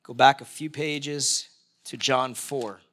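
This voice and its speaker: A man's voice: medium pitch, steady tone, slow pace, a bit bright. A man preaching a conversational sermon in a live-streamed church service, often asking the congregation questions. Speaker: pastor.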